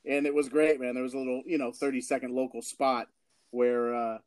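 A man from Portland hosting a casual interview, telling animated stories and laughing often. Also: medium pitch, a little fast, dry recording. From Portland, Oregon. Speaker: host.

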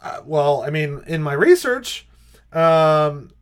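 A man's voice: a little high, sing-song, slow. A man co-hosting a podcast in casual chat, rambling and hesitant with wry asides. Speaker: podcast co-host.

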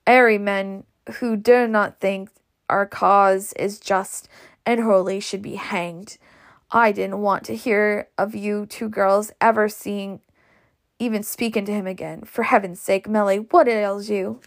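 A woman's voice: mid-range voice, fairly even intonation, a little slow, close to an everyday voice. A woman voicing a stout, indignant older matron who scolds self-righteously.

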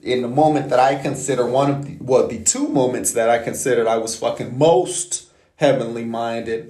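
A man's voice: mid-range voice, steady tone, moderate pace, warm tone. A man hosting a podcast, talking in a loose, rambling monologue full of swearing. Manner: profane, loose and conversational. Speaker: podcast host. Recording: roomy echo.

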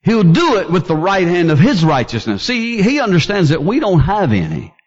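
A man preaching with fervent energy, his voice sitting high and moving through a wide, lively range. He builds toward near-shouts as he presses his points. The recording sounds dull and lo-fi. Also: normal speed, breathy edge. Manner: fervent, rising to near-shouts when quoting scripture. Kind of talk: sermon.

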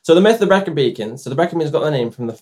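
A man's voice: on the high side, expressive, very fast, crowd noise. A man co-hosts a homemade podcast, his voice rising and falling a lot as he talks. He keeps stumbling over the text he reads out and breaking into laughter. He shares a single microphone with his co-host in a room at the back of a house. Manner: stumbles over lines and laughs while reading. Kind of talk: casual chat, reading out myths. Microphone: one microphone shared by two people.

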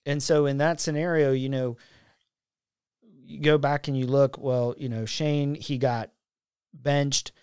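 A man in relaxed conversation, talking casually with a co-host. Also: mid-range voice, unhurried, pauses often, clear, resonant tone, no room sound, clean studio sound. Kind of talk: casual chat.

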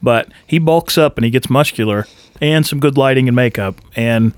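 A man's voice: mid-range voice, normal speed, clean tone, no room sound. A man in a casual chat, trading wry jokes. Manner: wry, joking banter.

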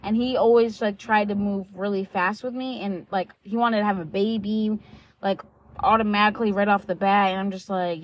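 In a medium-pitched, fairly even voice, a vlogger in her twenties tells a personal story at a measured pace with long pauses. She's frank and blunt, swears often, uses many "um"s and "like"s, and acts out dialogue, in dull lo-fi sound.

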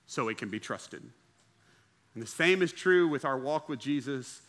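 A young man preaches a sermon from the pulpit, emphatic and calling out to the congregation. His voice sits high for a man and rings very bright and sharp. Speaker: pastor.

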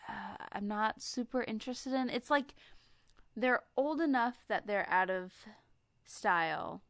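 Chatty young American woman, smooth voice. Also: fairly high pitch, unhurried, no echo, clean studio sound. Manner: chatty, many fillers and trailing phrases. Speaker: podcast co-host. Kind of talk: casual chat.

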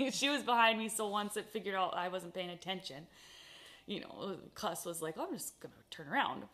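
A woman chatting casually at a kitchen table, spinning lively ranch stories with frequent laughter. Her voice sits at a middle pitch, and she talks in an easy conversational way with her sister. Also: normal speed. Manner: animated storyteller, laughs often. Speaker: podcast host.

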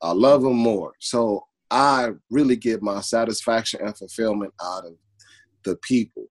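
A man's voice: on the low side, a little slow, poor audio. A man who works as a barber, talking earnestly in an interview over a video call and repeating his points for emphasis. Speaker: barber guest. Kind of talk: casual conversational interview.

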